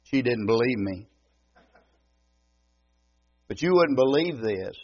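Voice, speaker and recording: An older man with an East Texas drawl preaches in a homey, joking way, taking his words very slowly. His voice sits in an ordinary middle pitch. The church recording sounds dull and lo-fi. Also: animated, husky. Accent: East Texas Southern. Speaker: visiting preacher. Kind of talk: folksy sermon. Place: church sanctuary.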